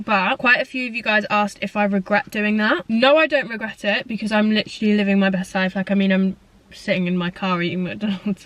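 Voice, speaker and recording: A woman's voice: mid-range voice, a bit bright, no room sound. Chatty woman vlogging from her car. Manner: chatty, eating while talking. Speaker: YouTuber. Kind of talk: casual chat to camera. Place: parked car.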